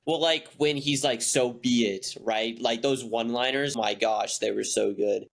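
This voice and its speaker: A young man co-hosting a podcast, talking casually in a halting way with many fillers. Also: mid-range voice, fairly even intonation, gravelly, fairly bright tone. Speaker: podcast co-host. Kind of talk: casual chat.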